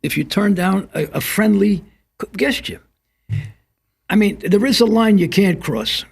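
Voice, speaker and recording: An older man, a retired police instructor, speaks in a high, slightly rough voice with vocal fry and a measured pace. On a community TV panel discussion in a studio, he talks thoughtfully and reflectively, drawing lessons from anecdotes.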